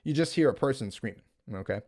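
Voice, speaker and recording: A man talking at home, recapping and reviewing a TV series in an animated, rambling way, full of "like" and "right?". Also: medium pitch, quick pace. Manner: animated, rambling, filler-heavy with frequent "like" and "right?". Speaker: gaming video creator reviewing a TV series. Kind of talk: casual spoken recap and review.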